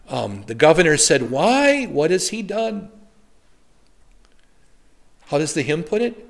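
A man's voice: fairly high pitch, sing-song, measured pace, creaky, long pauses. A man, a pastor, leading a Bible study in a conversational way, telling stories with humorous asides and rhetorical questions.

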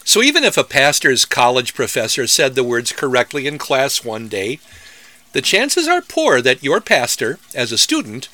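A man, a pastor, reading a scripture devotion and explaining in a measured, scholarly way how its words are said. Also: mid-range voice, huge pitch swings, pushed and bright.

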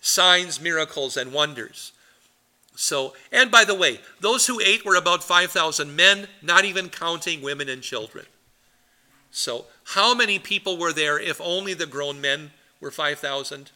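A middle-aged man leads a Bible study as pastor, with a forceful, sharp-edged voice sitting slightly high for a man. He teaches like an animated storyteller and wanders off into asides. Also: a little slow.

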